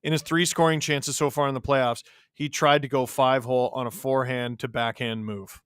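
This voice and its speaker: A male host watching a hockey game live, calling the plays, reacting loudly and reading out chat messages. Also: medium pitch, fairly even intonation, moderate pace, clear, resonant tone, dry recording. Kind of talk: live watch-along commentary and chat replies.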